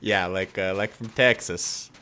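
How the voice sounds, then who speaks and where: A man's voice: low-pitched, measured pace, sharp tone. A young adult man streaming, chatting casually in a rambling way, full of fillers and swearing and often laughing. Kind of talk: casual chat.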